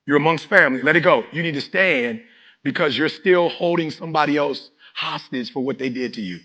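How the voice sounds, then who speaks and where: A man from Detroit giving a live motivational speech to a room, leading call-and-response chants and rising to shouted exhortations. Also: a little high, a little fast. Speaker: motivational speaker.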